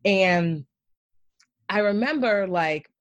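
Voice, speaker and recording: Animated woman telling her story, dry mic. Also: medium pitch, takes it slowly, no echo, lo-fi sound. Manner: animated, says "like" and "yo" a lot, acts out her own past lines. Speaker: guest. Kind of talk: storytelling in a podcast interview.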